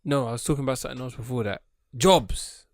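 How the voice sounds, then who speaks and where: A man's voice: mid-range voice, fast talker, no room sound, clean studio sound. Teasing young man. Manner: teasing, laughing, argumentative. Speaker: podcast co-host. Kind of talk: casual banter.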